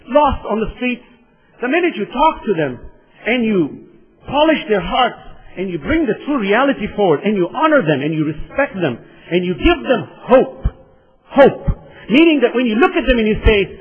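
A man with a high voice delivers an impassioned sermon, repeating himself for emphasis and calling out to his listeners. The sound is dull and lo-fi, with a long reverb trailing off through a large hall. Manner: impassioned, repetitive, addresses the congregation directly. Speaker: preacher.

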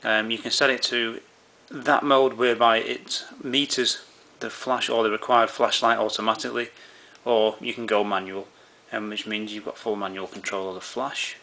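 A man's voice: lowish voice, little pitch movement, moderate pace, vocal fry, hardly any pauses, sharp tone. A man walking through camera menu settings in an easygoing way, with many fillers and restarts. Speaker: camera tutorial presenter. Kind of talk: explaining camera settings step by step.

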